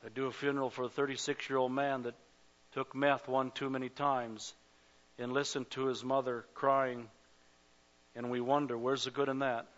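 A pastor preaching a sermon at a church service, passionate, swelling to loud cries and speaking straight to the congregation. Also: male voice, medium pitch, little pitch movement, normal speed. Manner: addresses the congregation directly. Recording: dull lo-fi recording.

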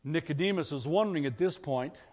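There's a long church-hall reverb on this clip of a man preaching as pastor. His voice is on the high side with a darkish tone, fairly quick, and he talks with the congregation conversationally, posing questions to them.

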